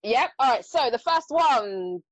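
Lively, bubbly woman host. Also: a little high, a little slow, no room sound. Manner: bubbly, laughing, talkative. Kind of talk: casual interview hosting.

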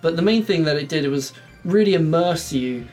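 A man's voice: fairly high pitch, animated, brisk, darkish tone, soft background music. A man from England chatting casually on a podcast, rambling and laughing often. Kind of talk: casual chat. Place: shed studio.

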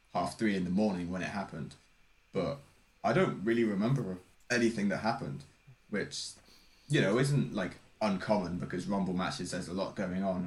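Brief: low-pitched young guy, dry self-mocking podcast host, roomy echo. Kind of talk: casual chat.

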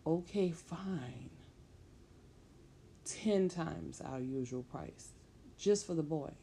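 A woman voicing a smooth-talking, predatory man who bargains eagerly. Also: deep voice, very slow, warm tone, slight background noise, exaggerated voice. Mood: bargaining.

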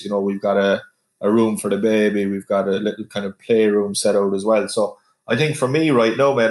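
A man, a podcast guest chatting in a relaxed, easygoing way. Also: on the low side. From Ireland. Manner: relaxed, easygoing, says mate often. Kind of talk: casual chat. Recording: roomy echo.

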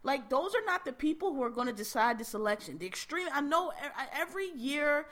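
A woman's voice: sits high, sing-song, fairly quick, a bit bright. A woman hosting a podcast, ranting casually and bluntly about politics, exasperated and profane, often restarting her sentences. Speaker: podcast host.

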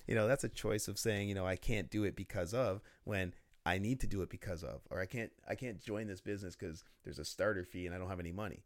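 A man talking as a guest in a casual interview, telling lively stories about business and laughing often. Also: low voice, fast, dry recording, clean studio sound. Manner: storytelling, animated, laughs often.

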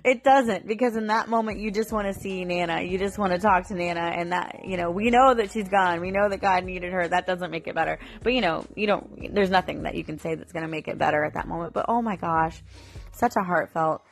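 A woman's voice: on the low side, fairly quick. A woman in her thirties telling a personal family story to her viewers, emotional and rambling, full of fillers and restarts. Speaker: mother vlogger.

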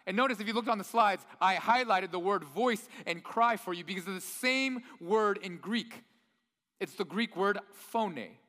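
A man's voice: high-pitched, pushed and bright. A man preaching a sermon in a church hall, talking in an enthusiastic, nerdy, conversational way. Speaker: pastor.

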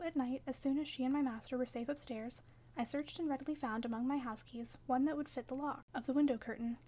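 A woman narrating a classic novel in the first person, measured and expressive. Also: sits high. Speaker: audiobook narrator.

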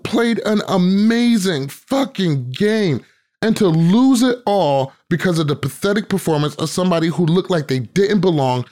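Male podcast host, swears a lot, emphatic ranting, slightly high voice. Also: darkish tone. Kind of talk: casual podcast chat.

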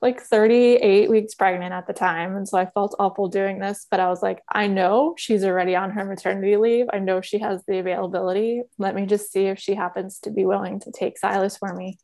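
A woman's voice: mid-range voice, steady tone, a little fast, few pauses, darkish tone. A young adult woman on a community call, telling a personal story in a candid, conversational way with plenty of fillers. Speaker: podcast guest sharing a personal story.

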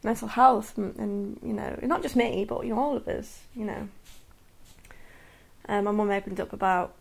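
A woman's voice: medium pitch, normal speed, gravelly. A woman in her thirties speaking candidly and earnestly in a personal podcast monologue. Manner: candid and earnest, many restarts and soft laughs. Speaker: podcast host.

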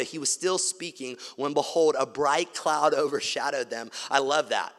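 A man preaching a sermon, swinging between loud emphasis and hushed, quiet passages. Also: medium pitch, normal speed, few pauses, long reverb tail. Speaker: pastor.

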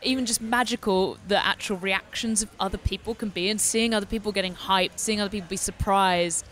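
A British woman hosting a relaxed podcast conversation. She tells anecdotes with lively, animated energy. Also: medium pitch, fairly quick, slight background noise. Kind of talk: casual podcast chat.

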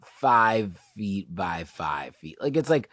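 A man's voice: on the low side, slow pace, no echo. A man, a music producer and songwriter as a guest, telling a rambling story in casual conversation, full of "like" and restarts, acting scenes out now and then. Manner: rambling, heavy use of "like", many restarts; animated, acts out scenes with loud yelling.

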